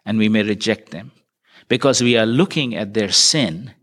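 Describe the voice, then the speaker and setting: A man's voice: on the low side, normal speed, a bit bright. Earnest male preacher delivering a sermon. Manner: earnest, questioning, pleading with listeners.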